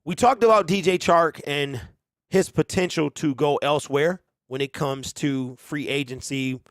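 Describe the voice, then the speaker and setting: A man's voice: a little high, unhurried, no room sound, clean studio sound. A man hosting a sports talk show, giving rambling, conversational commentary with emphatic opinions.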